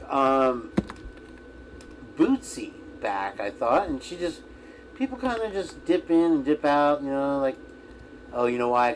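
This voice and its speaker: A man's voice: mid-range voice, slight background noise, rough recording. Rambling, profane livestream host, a man. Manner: meandering, profane, loses his train of thought. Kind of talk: rambling casual livestream chat.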